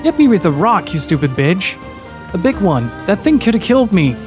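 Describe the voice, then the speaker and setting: A man voicing a cruel, fat village bully boy who jeers and shouts in a raised voice. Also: high voice, sing-song, normal speed, over music, pitched above the performer's own voice. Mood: outraged. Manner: jeering, shouting.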